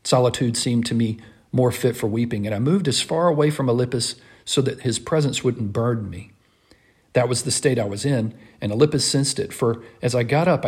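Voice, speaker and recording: A man giving an earnest, impassioned first-person reading of a classic text in a measured delivery. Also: medium pitch, darkish tone, husky.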